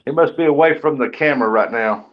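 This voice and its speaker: A man's voice: mid-range voice, quick pace, highs cut off. An older man, greeting viewers by name in a casual live stream. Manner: folksy, laid-back, greets viewers by name.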